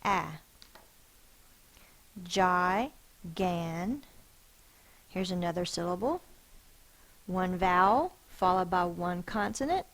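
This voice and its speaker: A woman teacher giving a phonics lesson, sounding out words slowly and carefully. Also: lowish voice, rough recording.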